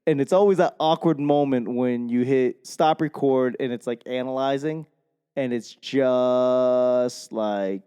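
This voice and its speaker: Rambling Boston man, smooth voice. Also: mid-range voice, measured pace, mellow, in a large hall. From Boston, Massachusetts. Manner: rambling, self-mocking, swears freely. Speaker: podcast host. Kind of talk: casual comedic monologue. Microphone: podcast microphone.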